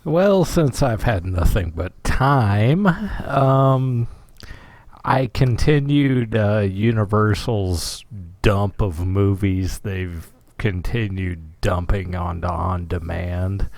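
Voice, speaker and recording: A man's voice: fairly low pitch, takes it slowly, a little mellow, no echo. A man co-hosting a casual movie chat podcast, laid-back and chuckling as he lists what he watched. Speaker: podcast co-host.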